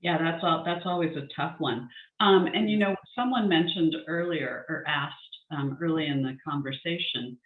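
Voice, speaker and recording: A woman's voice: sits low, moderate pace. A woman hosting, chatting as she passes on questions from the audience. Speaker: host. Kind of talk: interview questions. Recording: tinny echoey call audio.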